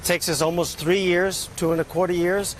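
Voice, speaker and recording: A man's voice: high voice, flat delivery, normal speed, slight background noise. A man in a news interview, answering as head of an export bank, upbeat and dotted with "uh" fillers. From United States. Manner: upbeat, talks in figures, frequent "uh" fillers.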